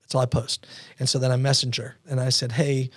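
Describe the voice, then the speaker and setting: A man telling his story as a podcast guest, animated and acting out the voices of people he quotes. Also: mid-range voice, a little fast, slightly rough, dry recording. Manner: animated, acts out quoted dialogue. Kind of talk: storytelling interview talk. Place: podcast studio.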